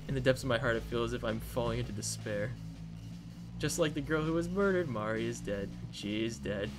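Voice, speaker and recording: Animated man reading a game aloud. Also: medium pitch, brisk, over music. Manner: dramatic reading with joking asides. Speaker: game narrator. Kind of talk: reading a visual novel aloud.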